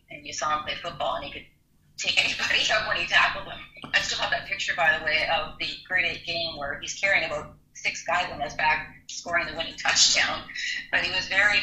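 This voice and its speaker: A woman's voice: sits low, bright, forceful tone. A middle-aged woman, a podcast guest speaking earnestly and reflectively. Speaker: guest, a bereaved mother. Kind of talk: interview conversation. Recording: roomy echo.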